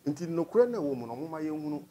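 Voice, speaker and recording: A man with a Ghanaian accent, a gospel musician answering interview questions in an earnest, low-key way. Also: lively intonation, rapid-fire, dark tone, breathy edge. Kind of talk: interview answers with sung lines.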